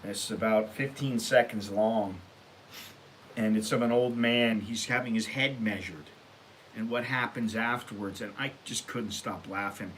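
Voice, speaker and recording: An American man hosting his own vlog, talking casually and bluntly, rambling and working himself up into loud rants. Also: fairly low pitch, unhurried, a little hiss or hum. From United States. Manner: rambling, blunt, gets worked up and loud when ranting. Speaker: vlog host. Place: Thailand.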